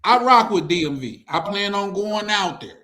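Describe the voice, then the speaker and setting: Man, high voice, host of a casual chat, teasing and laughing. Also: expressive, moderate pace, sharp tone. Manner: playful, teasing, laughs often.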